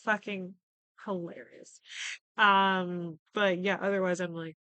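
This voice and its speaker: Young woman host, casual chatty recap, lively and profane, smooth clear voice, dry close mic. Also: lowish voice, slow pace, no room sound. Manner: animated, swears freely, acts out quotes. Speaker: podcast host. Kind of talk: casual chat recapping shows.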